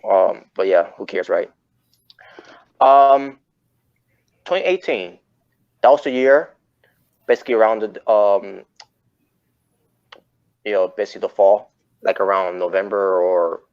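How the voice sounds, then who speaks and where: A man's voice: low voice, normal speed, long pauses. A man hosting a casual wrestling chat podcast, rambling and often correcting himself mid-sentence. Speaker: podcast host. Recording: muffled lo-fi audio.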